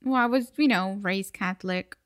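A woman's voice: medium pitch, normal speed, dry recording, clean studio sound. An American woman co-hosting a podcast in casual chat, laughing often and swearing lightly. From United States. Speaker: podcast co-host.

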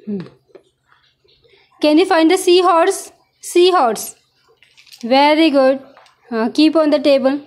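With a high-pitched, darkish voice, a young mother works patiently through animal names with her toddler, coaxing slowly, offering praise, and asking questions to prompt answers.

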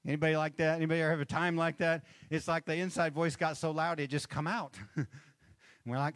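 Man, pastor, conversational sermon, slightly high voice, chuckles between points, dry close sound. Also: little pitch movement, fast talker, a bit bright, no echo. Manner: conversational, asks the crowd for amens. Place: church stage.

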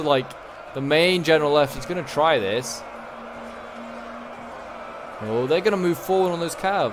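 A man giving casual, excitable play-by-play commentary on a strategy game battle, rambling with lots of fillers. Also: a little high, noisy background. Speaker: gaming channel host.

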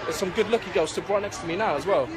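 Cheeky high-voiced prankster. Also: male voice, quick pace, over a noisy crowd. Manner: cheeky, teasing, laughs often. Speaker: prank video host. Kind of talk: street prank chat. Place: busy city street outdoors.

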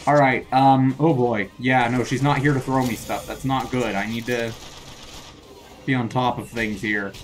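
A young man narrates his way through a shooter in let's play style, his medium-pitched voice fairly even and a little slow. He rambles and gets flustered, laughing off his own mistakes and jokingly scolding the enemies.

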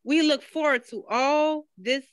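A woman's voice: sits high, measured pace, no echo, pitched above the performer's own voice. A woman voicing a worn-out, apologetic mother in a picture-book read-aloud. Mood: upset.

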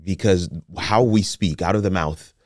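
A man's voice: low-pitched, normal speed, no echo, clean studio sound. A man hosting a morning devotional, responding to the speaker in a casual, affirming way with frequent restarts. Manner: warm affirming, restarts and repeats words. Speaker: host pastor.

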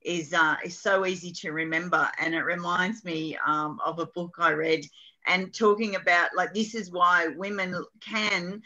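A woman's voice: fairly low pitch, steady tone, unhurried, bright, forceful tone, low-quality recording. A woman chatting casually and animatedly, swearing as she talks. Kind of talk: casual conversation.

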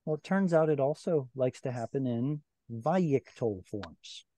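A man's voice: medium pitch, animated, a little slow, dark tone. A man teaching a Hebrew lesson on a video call, patiently explaining and quizzing his students. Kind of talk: online class teaching.

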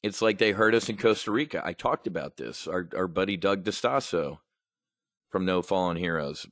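This options trading show host talks through the news bluntly and profanely, rambling as he goes, in casual market commentary. He has a low-pitched, fairly bright voice and a moderate pace. The studio sound is clean, with no echo.

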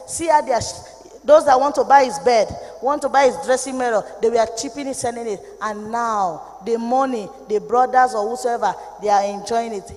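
A Nigerian woman preaches with fierce passion, her voice sitting high as she drops into grave warnings and then rises into shouted rebukes. The sound rings with a long echo, as if she is in a large church hall. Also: moderate pace. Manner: impassioned, swings between low warnings and shouted rebukes. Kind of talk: sermon.

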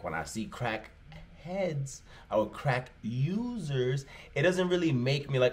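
A man does casual reaction commentary in a voice of middle pitch. He jokes in slang and laughs often. Now and then he mimics other people. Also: sing-song, normal speed. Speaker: reaction video host.

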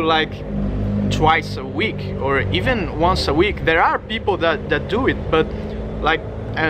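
A man's voice: high voice, pushed and bright, slight background noise. A man with a non-native English accent giving a rambling, casual update to his channel's viewers, restarting his sentences often. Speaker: singer and YouTuber. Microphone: studio condenser mic.

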